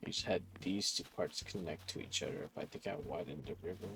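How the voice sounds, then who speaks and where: A man giving relaxed, casual commentary to himself as he plays a video game. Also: low-pitched, brisk, soft background music. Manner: relaxed, musing to himself while playing. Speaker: gaming channel host.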